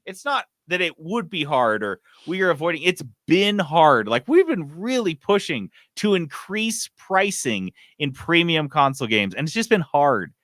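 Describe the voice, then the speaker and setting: A man co-hosting a casual podcast chat, ranting and swearing in an animated way. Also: a little high, normal speed, hardly any pauses, dry recording, clean studio sound. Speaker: podcast co-host.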